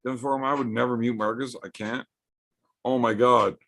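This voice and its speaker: A man chatting live from home with his viewers, swearing freely and joking as he reads the chat. His voice is gravelly with a bright, forceful edge, pitched in an ordinary middle range. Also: steady tone, moderate pace. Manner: profane, joking banter reading chat. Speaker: livestream host. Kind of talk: casual livestream chat with viewers. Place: home during a livestream.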